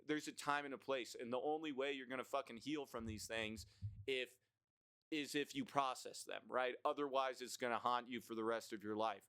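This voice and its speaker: A man's voice: mid-range voice, fairly bright tone, clean tone, no room sound. Blunt, profane young man ranting. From United States. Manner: blunt, profane, rambling with fillers. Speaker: vlogger. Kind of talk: ranting list monologue.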